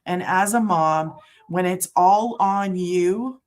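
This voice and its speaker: A woman's voice: fairly low pitch, takes it slowly, darkish tone. Rambling middle-aged woman chatting live. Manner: rambling, self-interrupting, laughs often. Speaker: work-from-home business promoter. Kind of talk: casual livestream chat.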